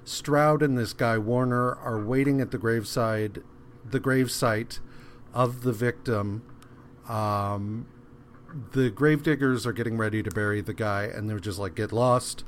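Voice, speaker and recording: A man casually recapping a comic book on a podcast, rambling and dropping into quick voiced asides. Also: lowish voice, slight background noise. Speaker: podcast co-host.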